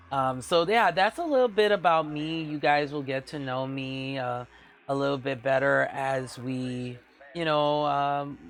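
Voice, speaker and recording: A man hosting his own live-stream show, chatting casually with a husky, raspy voice that is hoarse from a flu, rambling with many fillers and frequent laughs. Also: medium pitch, fairly bright tone. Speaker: VTuber show host.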